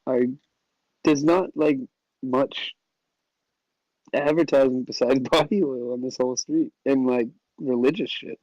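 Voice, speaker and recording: A man's voice: medium pitch, fairly even intonation, darkish tone, no room sound. Laughing, swearing man, muffled sound. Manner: loose and laughing, swears a lot, halting restarts. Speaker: guest. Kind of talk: casual chat.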